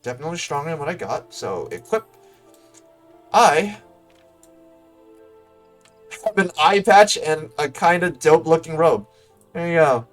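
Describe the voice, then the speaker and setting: A man's voice: a little high, animated, unhurried, long pauses. Guy livestreaming a game, jokey and self-deprecating, voice all over the place, faint music under it. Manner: joking, self-deprecating asides. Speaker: streamer. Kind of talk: live game stream commentary.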